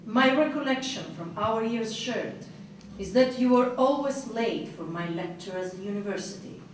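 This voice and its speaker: A woman's voice: fairly high pitch, expressive, moderate pace, a little hiss or hum, natural voice. A woman voicing a stern, elderly male professor who speaks formally. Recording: echoey room, voice from far off.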